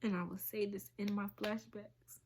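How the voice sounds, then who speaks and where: A woman talking in a halting, emotional way on a personal confessional vlog, often dropping to a whisper. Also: medium pitch, fairly even intonation, darkish tone, a little hiss or hum. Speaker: vlogger.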